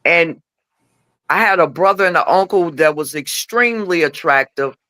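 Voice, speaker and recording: A middle-aged woman telling candid personal stories as a podcast guest. She acts out the dialogue in her stories with lively voices. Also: on the low side, moderate pace, no echo. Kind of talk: candid storytelling chat.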